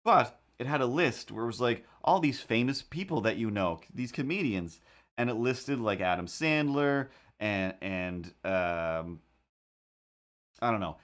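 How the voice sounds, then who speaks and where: A man hosting a livestream, chatting casually while he draws and telling rambling, animated stories with quick put-on voices. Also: medium pitch. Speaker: livestream host. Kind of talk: casual chat while drawing.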